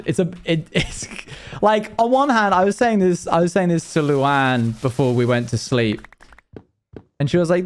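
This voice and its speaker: A man's voice: fairly high pitch, normal speed. A young man casually chatting with his stream viewers, telling rambling stories with frequent laughs. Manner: rambling, laughing, self-deprecating storytelling. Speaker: live streamer.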